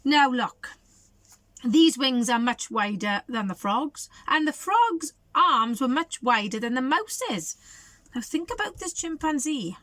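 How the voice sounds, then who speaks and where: A woman's voice: sits high, animated, slow pace, fairly bright tone, no echo. A woman reading a picture book aloud to children, asking them coaxing questions. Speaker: storybook reader for children.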